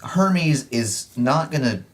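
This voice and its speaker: A man, a guest player on a card-game stream, deliberately talking through each move as he thinks aloud. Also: medium pitch, expressive.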